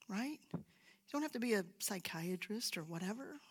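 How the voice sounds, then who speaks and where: A woman's voice: medium pitch, moderate pace. A woman giving a sermon-style talk in church, telling stories and sometimes dropping to a whisper for emphasis. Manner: storytelling, drops to a whisper for emphasis. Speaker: church speaker. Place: church sanctuary.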